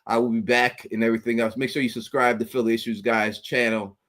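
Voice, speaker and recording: A man hosting a casual call-in livestream, animated and quick to laugh, often tripping over his words. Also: medium pitch. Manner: animated, laughs often, stammers through restarts. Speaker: livestream host.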